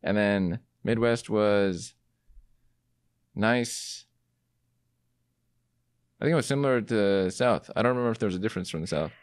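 A man's voice: fairly low pitch, normal speed, long pauses, no echo, studio quality. A man hosting a podcast, chatting casually and teasing his guest playfully. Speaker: podcast host. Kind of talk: casual conversation.

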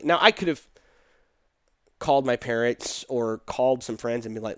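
A man's voice: medium pitch, fast talker, fairly bright tone, no echo, clean studio sound. A young man, a pastor, telling a personal story in casual conversation, acting out the dialogue and laughing often.

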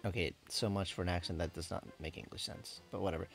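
Gravelly-voiced man narrating his gameplay. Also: low-pitched, fairly even intonation, quick pace, faint music behind. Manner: rambling, self-correcting, laughs a lot. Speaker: let's play gamer. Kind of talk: casual gameplay commentary.

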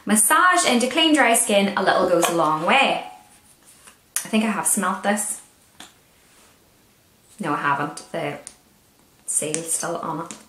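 A woman's voice: lowish voice, expressive, unhurried, long pauses, fairly bright tone, slight background noise. A woman with a Northern Irish accent, chatting casually as she reviews beauty products with wry asides. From Northern Ireland. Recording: roomy echo.

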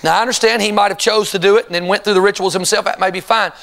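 A man's voice: sits high, fairly even intonation, racing, creaky, a bit bright. A man preaching a sermon in a church, questioning the congregation and calling on them to answer back. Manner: asks the congregation rhetorical questions and calls for responses. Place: church sanctuary before a congregation.

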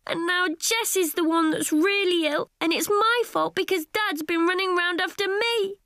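A woman's voice: extremely high pitch, moderate pace, a bit bright, dry recording, studio quality. A woman voicing a young cartoon boy, earnest and apologetic, over faint music. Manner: eager, apologetic. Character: young boy, earnest and quick to feel guilty.

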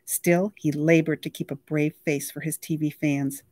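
A library reader reading a novel aloud with lively, expressive storytelling. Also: mid-range voice, normal speed, no echo, clean studio sound.

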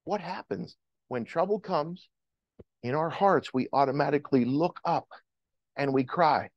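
A man's voice: fairly high pitch, unhurried, dry recording, dull audio. A male pastor preaching a sermon in church, with impassioned rises and calls to the congregation. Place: church sanctuary.

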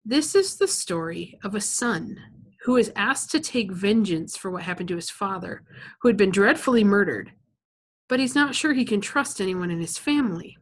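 A woman's voice: medium pitch, lively intonation, moderate pace. A woman reading a novel aloud to listeners, stopping now and then to explain things in a chatty, plain way. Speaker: reader.

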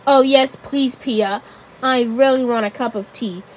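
A woman voicing a worried little lady in a storybook tale, speaking softly and hesitantly with many ums. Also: fairly high pitch, a little slow, a little hiss or hum, natural voice, poor audio.

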